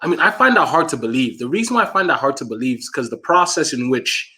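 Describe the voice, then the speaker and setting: A man co-hosting a relaxed fight podcast, talking through how things work at an easy, conversational pace. His voice has a bright, forward ring in a middle pitch. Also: fast. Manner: explanatory, conversational, many fillers. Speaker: co-host. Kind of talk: casual podcast chat.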